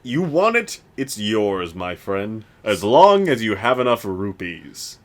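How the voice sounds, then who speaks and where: A man imitating a pushy male cartoon shopkeeper with a drawn-out sales pitch. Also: big pitch swings. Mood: salesy.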